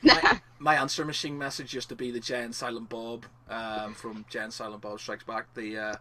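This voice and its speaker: A man's voice: mid-range voice, normal speed, crowd noise. A man co-hosting a podcast in casual chat, rambling and laughing as he talks. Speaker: podcast co-host.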